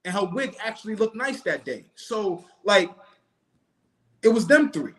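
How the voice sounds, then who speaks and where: A man's voice: high voice, very animated, measured pace. A man co-hosting a sports podcast, bantering in a joking, slangy way. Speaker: podcast co-host. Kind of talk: casual sports chat.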